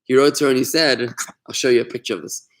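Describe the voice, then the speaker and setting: A middle-aged man, a rabbi, leading a casual online Talmud class, telling stories with lively asides and frequent restarts. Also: mid-range voice, fast talker. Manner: animated storyteller, warm asides, many restarts.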